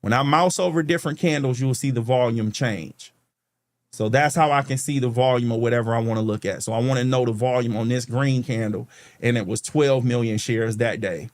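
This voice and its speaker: Brisk and a little mellow, this medium-pitched male voice belongs to the host of a stock market channel. He leads a screen-share tutorial, casually explaining charts while calling his audience "guys" and dropping in "okay" to check they're following.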